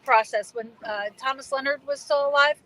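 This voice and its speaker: Chatty New England woman, a bit high. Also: fairly quick, fairly bright tone, poor audio. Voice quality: chatty, many fillers and restarts. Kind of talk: casual video chat.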